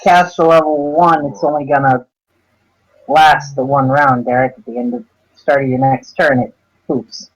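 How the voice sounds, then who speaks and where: A man's voice: medium pitch, level tone, moderate pace. A man at a tabletop game explaining how a spell works. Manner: explaining rules. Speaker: player. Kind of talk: casual tabletop play. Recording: dull lo-fi recording.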